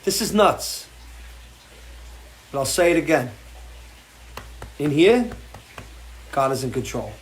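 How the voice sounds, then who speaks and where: Man, live show host, ranting, profane, emotional, slightly high voice, off-the-cuff. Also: sing-song, takes it slowly, pauses often. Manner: impassioned, swearing rant with frequent restarts. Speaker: musician hosting a live show. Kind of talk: off-the-cuff livestream talk. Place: home porch.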